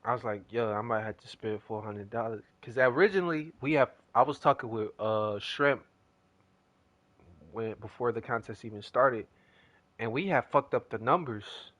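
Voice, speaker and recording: A man's voice: mid-range voice, moderate pace, fairly bright tone, dry recording, lo-fi sound. A young man chatting casually as a gaming streamer, telling a rambling story in slangy talk.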